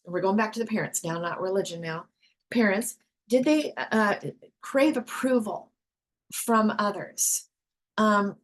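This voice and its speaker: A woman hosting a casual group discussion, talking earnestly and emphatically with frequent restarts. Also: mid-range voice. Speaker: discussion host.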